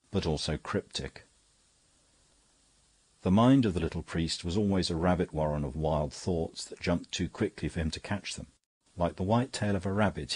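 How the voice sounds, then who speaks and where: A man narrating a classic detective novel as an audiobook, in a steady, even storytelling delivery. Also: low voice, slightly rough, dry recording.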